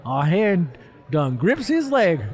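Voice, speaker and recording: A man's voice: high-pitched, sing-song, slow pace, a little mellow, faint music behind, pitched above the performer's own voice, full character voice. A man putting on an exaggerated Southern drawl to read a book blurb aloud, stumbling over long words. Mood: hammy drawl. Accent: put-on American Southern.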